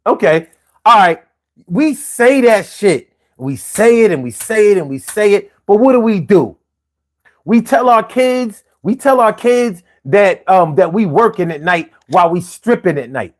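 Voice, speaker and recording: A man's voice: high-pitched, expressive, a little slow. A man in his forties hosting a live stream, talking emphatically and profanely, with many restarts and repeated words. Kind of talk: casual chat.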